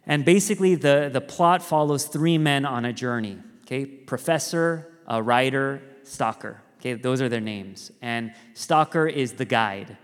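A pastor giving a conversational sermon, telling stories with animated rises and quiet, earnest drops. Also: male voice, mid-range voice, unhurried, hardly any pauses, clean tone. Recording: reverberant hall.

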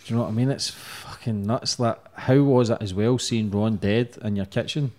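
Low-voiced blunt male interviewer. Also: moderate pace, darkish tone. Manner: blunt, probing questions. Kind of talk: casual interview.

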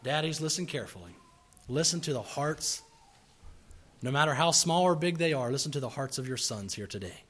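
A man preaching a sermon in a church service, earnestly pleading with and exhorting his congregation, rising to forceful emphasis. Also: mid-range voice, expressive, a little fast.

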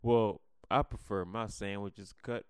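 A man with a fairly low voice chats casually as a podcast co-host, deadpan and unhurried. He has a slight stutter and restarts his phrases. The sound is dry and close-miked. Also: clean tone, no room sound. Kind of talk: casual chat.

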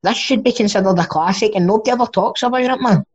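A Scottish man with a higher-than-usual voice chats loosely on a film podcast, joking and swearing as he goes. The audio is a little dull and lo-fi. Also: fast talker, slightly rough. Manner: chatty, jokey, swears freely. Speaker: podcast co-host. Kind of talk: casual film-chat podcast.

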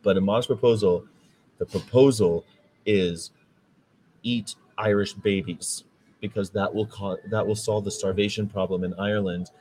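Man, american accent, low voice, casual rambling host talk, faint background hum. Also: steady tone, normal speed, a little mellow, low-quality recording. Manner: chatty, rambling, preachy about veganism. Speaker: vegan podcast host. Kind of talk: casual monologue.

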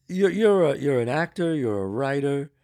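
A man's voice: medium pitch, sing-song, measured pace, darkish tone, dry recording, clean studio sound. A man hosting a casual interview, reacting with short encouraging interjections and asking his guest questions. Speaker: host.

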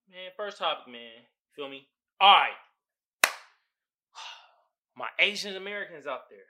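A man's voice: sits high, pushed and bright, slight background noise. A young man hosting his own podcast, talking casually in a profane, emphatic, slangy way. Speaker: podcast host. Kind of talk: casual solo podcast talk.

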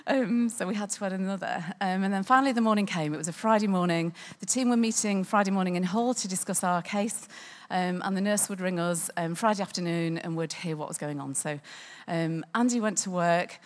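A woman's voice: lowish voice, brisk. A woman recounts a personal faith testimony. She speaks conversationally, with frequent ums and small restarts.

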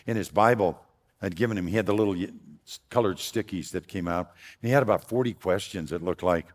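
An older man preaching a storytelling sermon in a church, loud, folksy and earnest. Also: low voice, brisk. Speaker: guest preacher. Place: church sanctuary. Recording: long hall reverb.

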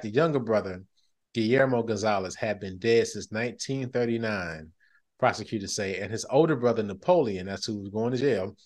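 Podcast host guy chatting casually, gets loud and excited in bursts. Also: fairly low pitch. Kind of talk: casual chat.

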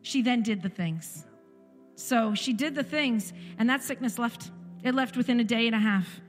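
A woman's voice: on the high side, moderate pace, long reverb tail, soft background music. A woman in her forties giving an impassioned church testimony, firing off repeated rhetorical questions. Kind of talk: sermon testimony.

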